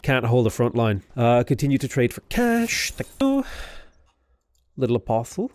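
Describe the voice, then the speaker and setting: A man's voice: medium pitch, sing-song, normal speed, a little mellow, slight background noise. Rambling jokey young man gaming. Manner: rambling, jokey asides, mock voices. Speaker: gaming YouTuber. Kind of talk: casual gameplay commentary.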